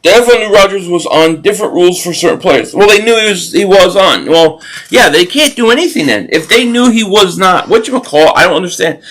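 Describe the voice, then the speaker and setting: A man's voice: sits high, expressive, fairly quick, fairly bright tone, low-quality recording. A man hosting a live-stream football watch party, chatting loosely, reading viewer comments and reacting to plays while often restarting his sentences. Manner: rambling, restarts sentences, reacts to the game and chat.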